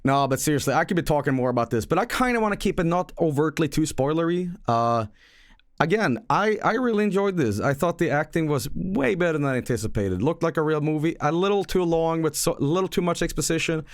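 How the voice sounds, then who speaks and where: A man's voice: a little high, expressive, a little fast, no echo, clean studio sound. A man streaming live, chatting casually about a movie he saw, with rambling, profane, joking storytelling.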